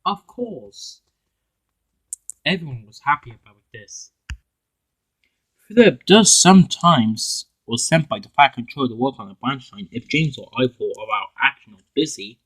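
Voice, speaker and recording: Male amateur storybook narrator; husky, mid-pitched, halting delivery. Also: expressive, fairly bright tone, poor audio. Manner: halting, repeating words.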